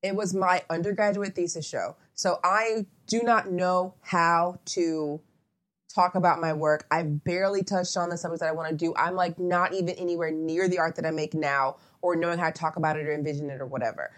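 A woman's voice: fairly low pitch, steady tone, a little fast, a bit bright. A young adult woman, a photographer as interview guest, chatting casually and meandering with lots of asides.

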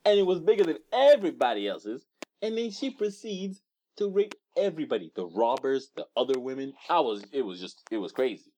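A young man co-hosting a casual podcast chat, telling stories in an animated way and acting out voices. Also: medium pitch, fairly quick. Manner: animated storyteller, acts out screams and voices. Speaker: podcast co-host.

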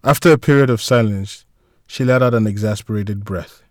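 A man narrating a story chapter in a steady, scripted reading. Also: fairly low pitch, moderate pace, dry recording, studio quality. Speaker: audiobook narrator.

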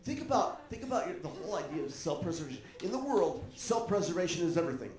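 A man preaching a sermon, animated and joking with the congregation. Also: sits high, quick pace, reverberant, crowd noise. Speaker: pastor.

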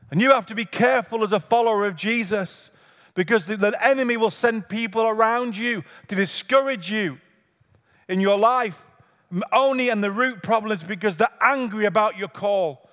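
A man's voice: high-pitched, moderate pace, fairly bright tone. A man pastor giving a sermon in a church, earnest and repetitive, driving points home with rhetorical questions. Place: church sanctuary. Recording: reverberant church hall.

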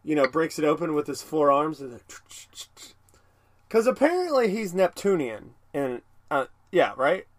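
A podcast co-host with a slightly high, sing-song voice chats loosely at normal speed while recapping a cartoon episode. He rambles, laughs a lot, and quotes the characters in silly voices, with no echo on the sound.

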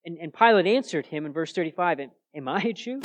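A man with a fairly high voice preaches a sermon in a relaxed, conversational way. He often restarts his phrases and drives his points home with emphatic rhetorical questions. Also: fast. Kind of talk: expository sermon.

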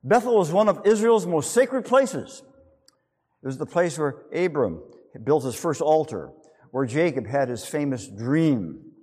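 A man with a fairly high voice delivers a sermon, and his pitch swings widely as he acts out the scene. He tells the story vividly and keeps asking his listeners rhetorical questions. A long reverb trails behind his voice. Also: very animated, a little slow, a little mellow, breathy edge. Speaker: pastor.

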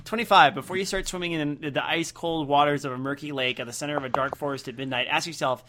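A man's voice: a little high, steady tone, fast, hardly any pauses, pushed and bright. A man co-hosting a casual comedy podcast, reading out list items and riffing on them sarcastically. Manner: sarcastic, reads list items aloud and riffs. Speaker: podcast co-host.

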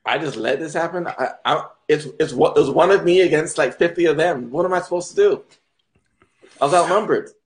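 A man's voice: on the high side, brisk. Stammering man in an improv scene. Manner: hesitant, stammering. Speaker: improv performer.

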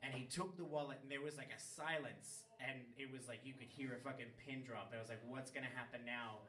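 A man's voice: medium pitch, a little fast, a little hiss or hum. A man telling a long, funny anecdote in casual chat, swearing freely and laughing as he goes. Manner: animated, swears freely, laughs mid-story. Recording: roomy sound from a distant mic.

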